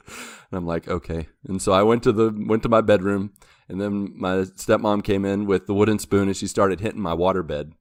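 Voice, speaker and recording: A man's voice: deep voice, fairly even intonation, moderate pace, no room sound, studio quality. A young man hosting a podcast, telling a long story in casual chat, acting out quotes and laughing along the way. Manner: rambling anecdote with laughs and acted quotes. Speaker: podcast host.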